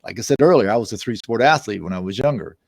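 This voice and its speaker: A man's voice: lowish voice, animated, fast, creaky, a little mellow, dry recording. A man in his sixties, a guest in a conversational interview, telling personal stories in an anecdotal, easygoing way. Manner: storytelling, anecdotal, with restarts. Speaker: podcast guest, mind-body therapist.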